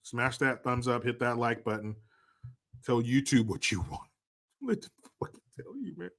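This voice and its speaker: A man's voice: mid-range voice, lively intonation, normal speed, gravelly, fairly bright tone. A man giving a profane, rambling commentary rant on his vlog, blunt and sarcastic, with frequent restarts. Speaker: vlogger.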